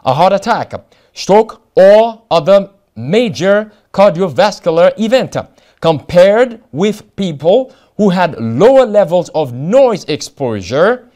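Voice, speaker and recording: A man's voice: high-pitched, big pitch swings, slow pace, a little mellow. An American man preaching a Bible study sermon, reading passages aloud with many fillers and restarts, stressing key words.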